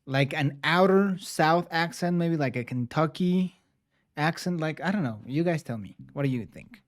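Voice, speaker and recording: A man's voice: on the high side, lively intonation, moderate pace. A man from Mexico, talking English in a loose, rambling way full of filler words and slang as he hosts a reaction video. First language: Spanish. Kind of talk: casual reaction commentary.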